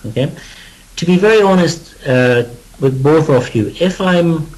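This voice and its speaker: A British man gives a pronunciation lesson, modeling each word clearly so his students can echo it. His voice sits a touch higher than most men's, and he keeps the lesson conversational with joking asides. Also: lively intonation, measured pace, a little mellow. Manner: demonstrative, leads students through word repetition. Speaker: English teacher.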